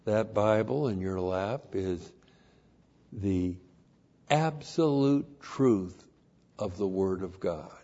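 In a warm voice on the low side, a pastor works through an expository sermon at a measured pace. He leans on key words, repeats them for emphasis, and spells Greek terms letter by letter, all captured in muffled, lo-fi audio that sounds like a church.

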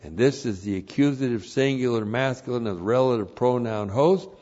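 A man's voice: mid-range voice, brisk, warm tone, lo-fi sound. A man preaching an expository sermon to his congregation, speaking emphatically, repeating key words and spelling out Greek terms letter by letter. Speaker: pastor.

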